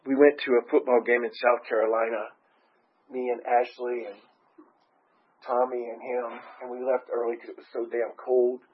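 A man's voice: medium pitch, level tone, normal speed, breathy edge. A man telling a personal story in a chatty, rambling way, often breaking into laughter. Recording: muffled lo-fi recording.

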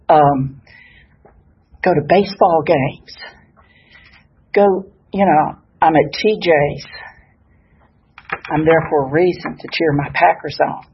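A woman's voice: deep voice, muffled recording, a little hiss or hum. An older woman giving a folksy, good-humored personal share at a sobriety meeting, speaking to an audience in a hall. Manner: warm-hearted, folksy, laughs at herself.

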